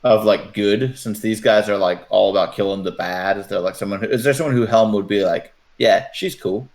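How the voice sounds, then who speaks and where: Hesitant gravelly male player. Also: fairly low pitch, fairly quick, a little mellow. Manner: hesitant, full of "like". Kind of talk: casual tabletop game chat.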